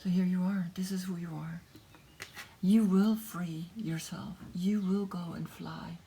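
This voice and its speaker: A woman reads tarot in a soft, encouraging voice that often sinks into a whisper. Her tone is mellow and lowish, and she takes her time with every phrase. A faint hiss sits under the voice. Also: fairly even intonation, measured pace. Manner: gentle, encouraging, with frequent tag questions. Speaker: tarot reader. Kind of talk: tarot reading with guided meditation.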